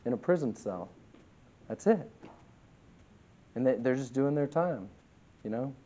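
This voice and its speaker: A man preaching a sermon as pastor. He preaches emphatically, swinging from loud to quiet, and reads scripture slowly. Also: mid-range voice, lively intonation.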